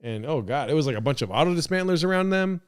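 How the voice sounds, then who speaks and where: A man's voice: fairly high pitch, animated, fast, smooth. Rambling, profane man streaming commentary. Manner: rambling, profane, lots of fillers and restarts. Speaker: podcast host streaming. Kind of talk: casual live-stream commentary.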